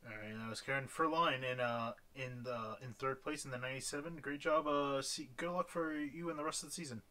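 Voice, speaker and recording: A man's voice: mid-range voice, steady tone, brisk, sharp tone. A man interviewing drivers after an online race, upbeat, with many fillers and laughs at his own slips.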